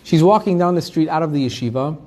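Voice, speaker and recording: A man's voice: a little high, quick pace. A man, a rabbi, telling a story in a sermon and acting out each character's lines. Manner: animated storyteller who acts out the characters' quoted lines.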